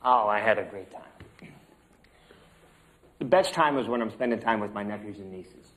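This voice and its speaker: A man's voice: on the low side, moderate pace, pauses often, fairly bright tone, poor audio. A man, an acting student, telling a casual story to a class, chatty and a bit salty with plenty of fillers.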